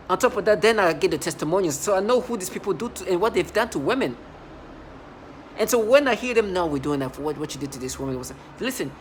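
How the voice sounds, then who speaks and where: A vlogger delivers a rambling personal monologue in an agitated, intense voice of middling pitch. The talk keeps breaking off and restarting, jumping into quoted asides, and swings from loud outbursts down to low muttering. A faint hiss of noise sits under the voice.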